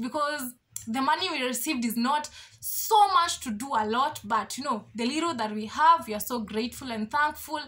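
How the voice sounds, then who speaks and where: Young woman vlogger, super excited and thankful, bright sharp voice. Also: high-pitched. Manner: gushing and grateful, repeats herself. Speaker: YouTuber. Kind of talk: excited casual vlog talk.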